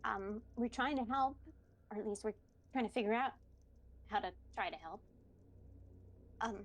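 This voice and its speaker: A woman playing a tabletop role-playing game, talking hesitantly with many fillers and giggles. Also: fairly high pitch. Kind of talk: casual role-play chat.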